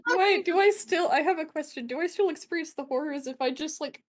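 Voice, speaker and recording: Woman player, high voice, hesitant and giggly, casual role-play. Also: fast.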